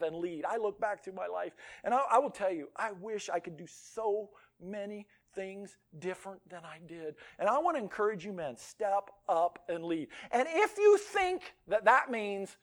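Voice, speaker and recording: A man preaching a sermon, swinging from loud outbursts to hushed near-whispers, with self-deprecating humor. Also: sits high. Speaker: pastor.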